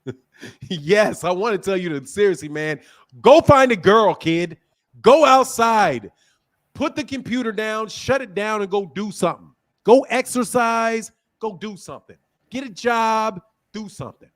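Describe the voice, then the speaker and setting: A middle-aged man hosting a boxing stream from home mocks and needles a caller, laughing frequently as he leans in to his computer mic. He speaks a little slowly in a high voice with lively intonation, the exchange growing heated.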